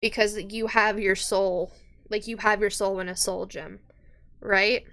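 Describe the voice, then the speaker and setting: A woman's voice: medium pitch, level tone, a little slow, a bit bright. A woman player in a tabletop game session who explains rules at length, swears freely and turns sarcastic. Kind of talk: casual game table chat.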